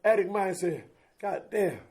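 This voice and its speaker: High-voiced man giving raw, profane recovery testimony. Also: expressive, unhurried, a little mellow. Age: middle-aged. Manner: profane, storytelling, calls out to the crowd with "Huh?". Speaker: guest speaker at a recovery conference.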